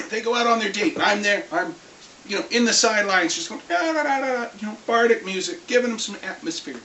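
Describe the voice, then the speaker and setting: A vlogger getting over a cold, clearing the throat, telling a rambling, lively story about a tabletop game in a casual rant. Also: mid-range voice, a little fast. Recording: echoey room, far from mic, faint hiss.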